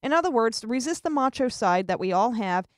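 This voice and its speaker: A woman with a fairly high voice hosts a casual live-streamed talk show, chatting loosely and giggling often as she restarts her sentences. The sound is dry and close, with no room echo. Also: animated, brisk. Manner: chatty and giggly, tells jokes, frequent restarts. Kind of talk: casual chat.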